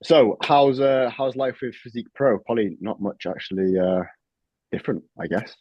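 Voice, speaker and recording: A man's voice: medium pitch, normal speed, husky, dull audio. A man hosting a podcast, laughing and teasing in casual banter. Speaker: podcast host.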